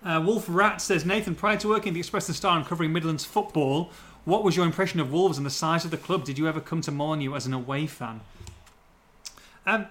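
A man hosts a podcast, talking quickly in a slightly raised voice. He reads out listener questions and riffs on them with quick, animated jokes. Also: fairly high pitch. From Hull. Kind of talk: casual podcast chat.

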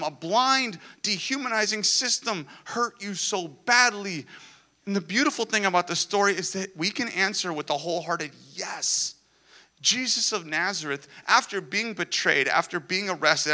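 A man preaching an Easter sermon in a church, with a voice that sits a little high for a man and rings bright and forceful. He speaks conversationally and puts questions to the congregation. He mixes dry sarcasm with emotional urgency. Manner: grows emotional and urgent when telling personal stories. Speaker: pastor.

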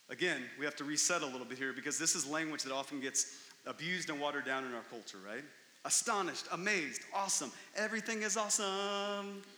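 High, bright-voiced man preaching in a hall. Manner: animated storytelling, rising to excited emphasis. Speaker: pastor. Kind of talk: sermon. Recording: echoey hall with long reverb.

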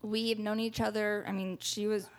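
Animated teasing woman. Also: mid-range voice, moderate pace. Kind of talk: casual chat.

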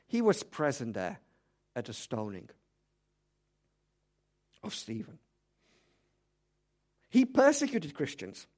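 A man's voice: mid-range voice, huge pitch swings, takes it slowly, pauses often, a little mellow. A man preaching a sermon, emphatic and direct, firing rhetorical questions at the congregation. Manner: direct, speaks to the congregation as "you".

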